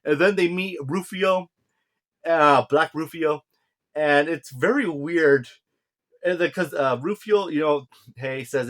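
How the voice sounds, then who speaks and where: A man's voice: on the high side, fairly bright tone. A man casually recapping and reviewing a TV episode, rambling with many fillers and self-corrections, and briefly acting out what the characters say. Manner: rambling, full of fillers and self-corrections, acts out lines in quick asides. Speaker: show reviewer.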